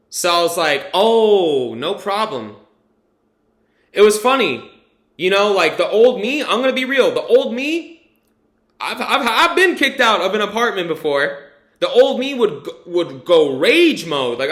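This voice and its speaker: A man's voice: high-pitched, bright, forceful tone, reverberant. A man rambling candidly through a personal vlog testimonial, full of fillers and casual swearing. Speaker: vlogger giving a testimonial.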